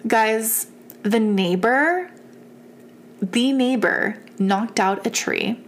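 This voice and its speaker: A young woman telling a story in casual chat, animated and profane, laughing often. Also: on the high side, drawn-out words, a little hiss or hum.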